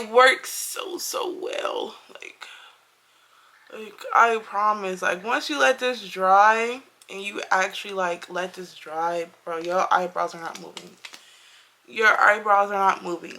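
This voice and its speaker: Chatty bright-voiced woman vlogger. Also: mid-range voice, measured pace. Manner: chatty, repeats herself, slangy and emphatic; talks straight to viewers. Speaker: beauty vlogger. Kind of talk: casual makeup review and storytime.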